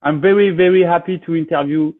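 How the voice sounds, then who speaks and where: A man with a French accent, a native French speaker, hosting a live online interview over a video call, halting and repeating his words. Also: fairly high pitch, steady tone, phone-quality sound. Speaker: host.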